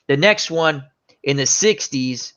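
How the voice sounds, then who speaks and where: A man's voice: fairly high pitch, lively intonation, slow pace, a bit bright. A man hosting a casual chat show, telling rambling movie stories and often groping for names. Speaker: show host. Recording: dull lo-fi sound.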